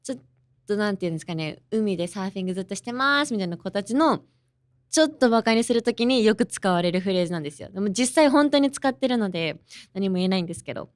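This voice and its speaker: A woman's voice: medium pitch, animated, racing, dry recording. A young woman from Los Angeles, teaching a lesson in a chatty way and mixing in Japanese. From Los Angeles, USA. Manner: chatty, easily mixes English and Japanese, explains with examples. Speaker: language teacher and host. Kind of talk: casual podcast language lesson.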